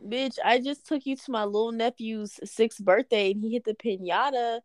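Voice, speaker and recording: Dry, higher-voiced woman co-host. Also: fairly even intonation, normal speed, no echo. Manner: exaggerated, profane storytelling with bursts of laughter. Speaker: podcast co-host. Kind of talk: casual podcast chat.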